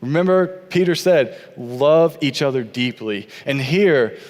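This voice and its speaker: A man's voice: medium pitch, animated, measured pace, darkish tone. A man preaching a sermon as pastor, with an earnest, repetitive cadence. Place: church sanctuary. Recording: long church hall reverb.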